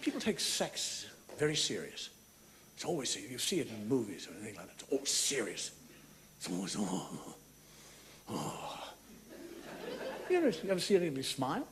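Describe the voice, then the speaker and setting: A fast-talking man with a mid-range voice and huge pitch swings delivers a stand-up comedy monologue, recorded live in a theatre amid crowd noise and loud audience laughter. His style is wry storytelling punctuated by mock-outraged asides.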